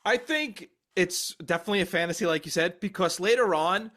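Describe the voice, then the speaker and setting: Bright high-voiced joking man. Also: fairly quick. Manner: recaps plot with jokey asides. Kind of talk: casual comedic chat.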